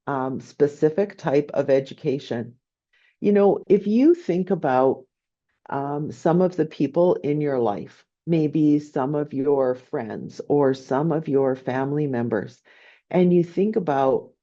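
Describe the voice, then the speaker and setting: A woman's voice: deep voice, mellow, highs cut off. A woman business professor giving a conversational online lecture, often checking in with "right?". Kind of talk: online lecture answering questions.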